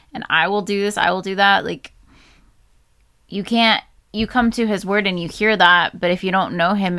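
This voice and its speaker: A woman co-hosting a Bible podcast, speaking in a soft, reflective way about faith. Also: fairly low pitch, no room sound. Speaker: podcast co-host. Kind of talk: casual Bible study talk.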